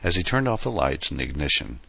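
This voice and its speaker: A man narrating his own novel as an audiobook, in a steady storytelling manner. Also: very deep voice, fast, creaky, breathy edge, no echo. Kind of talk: scripted narration.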